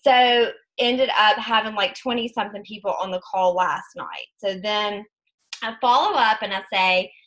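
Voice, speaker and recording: A woman with a Southern US accent asking a question on a conference call, chatty and animated. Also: mid-range voice, normal speed, poor audio. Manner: chatty, animated, self-deprecating. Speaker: caller.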